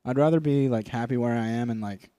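A man's voice: mid-range voice, fast talker, warm tone, no echo. Crude, joking man in dry podcast chat. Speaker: podcast co-host.

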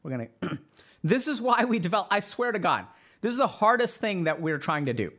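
A man with a high-pitched voice talks through social advice in a loose, conversational way. He acts out the worried thoughts of imagined people and keeps checking in with his listeners. He sounds like a podcast host chatting with a live audience. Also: sing-song, brisk, fairly bright tone. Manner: conversational, acts out imagined inner voices, often asks "right?". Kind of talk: casual advice talk to a live chat.

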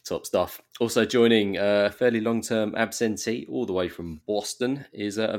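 A man's voice: on the low side, normal speed. A man hosting a casual football podcast, chatty and leading the talk with questions. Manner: chatty, leads the discussion with questions. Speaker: podcast host.

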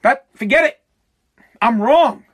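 A man delivering a heated, profane political rant, animated and mocking. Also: very high-pitched, slow pace, breathy edge.

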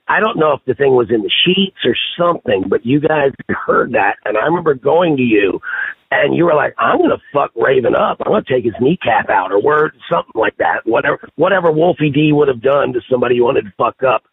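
A man on a podcast telling stories in a casual, profane, animated way. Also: medium pitch, fairly quick, gravelly, husky. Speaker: podcast guest. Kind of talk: casual storytelling chat. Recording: tinny phone-line sound.

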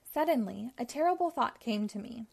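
A woman reading a children's picture book aloud with expressive storytelling. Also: fairly high pitch, normal speed, gravelly, slightly rough.

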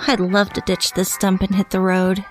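A woman's voice: medium pitch, completely flat delivery, normal speed, soft background music, natural voice. A woman doing a bored snarky valley girl.

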